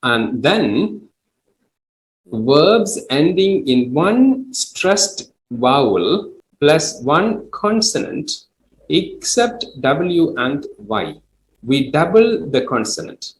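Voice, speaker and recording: Man, english teacher, classroom lesson, slow deliberate explaining, echoey room, faint background hum. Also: fairly high pitch, very animated. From Sri Lanka. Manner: slow, patient explaining with repeated examples.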